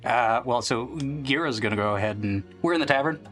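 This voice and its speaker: A man playing in a tabletop role-playing game, chatting in animated banter and laughing often. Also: medium pitch, a little fast, soft background music. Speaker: player. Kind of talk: casual tabletop game play.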